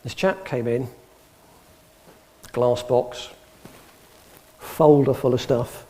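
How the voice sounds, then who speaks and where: A man's voice: mid-range voice, extremely slow, mellow. A middle-aged English man, an antiques expert, giving a talk to a live audience in a public hall, telling dry humorous anecdotes and acting out the dialogue. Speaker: guest speaker, antiques expert.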